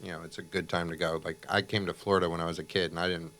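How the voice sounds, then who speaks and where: Deep voiced guy from chicago, 40s, smooth resonant sound, just chilling and talking. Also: little pitch movement, rapid-fire, fairly bright tone. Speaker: podcast guest. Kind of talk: casual chat. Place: studio.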